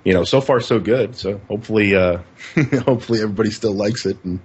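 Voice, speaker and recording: A man co-hosting a podcast in casual chat, halting and repeating words, laughing often. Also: on the low side, darkish tone, slightly rough. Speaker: podcast co-host. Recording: dull lo-fi podcast audio.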